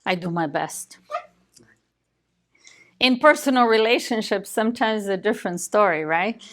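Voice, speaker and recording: A woman coaching a live sales class, emphatic and direct, often quizzing her listeners with quick questions and a dry joke. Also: medium pitch, animated, fairly bright tone. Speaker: real estate sales coach.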